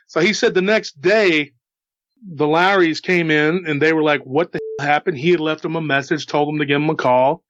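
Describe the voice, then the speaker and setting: Male storyteller, slightly high, loose rambling delivery; muffled lo-fi recording. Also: brisk, fairly bright tone, no echo. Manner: rambling, repeats "he goes" and restarts often. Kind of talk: casual retelling of an eyewitness story. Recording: dull lo-fi dry recording.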